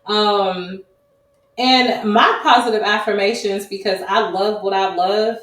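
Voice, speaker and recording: A woman guest on a podcast, speaking candidly and laughing often, lively when she mimics relatives. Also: medium pitch, takes it slowly, recorded from a distance. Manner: laughs often, animated when quoting others. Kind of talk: candid casual chat. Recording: roomy echo, off-mic.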